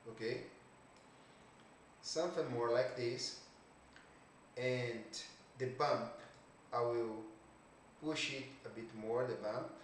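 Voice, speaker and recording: A man giving a casual 3D art tutorial, thinking aloud slowly with many "okay"s and trailing phrases. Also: medium pitch, fairly even intonation. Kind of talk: casual screen-recorded tutorial. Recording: echoey room, distant mic, faint hiss.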